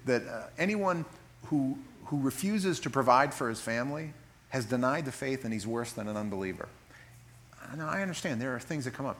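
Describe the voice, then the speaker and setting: A man preaching a sermon with a wide, swinging pitch that rises and falls as he makes his points. He slows down to read scripture solemnly, then drops into folksy, joking asides. A faint hum sits behind his voice. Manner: animated, reads scripture slowly and solemnly. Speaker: pastor.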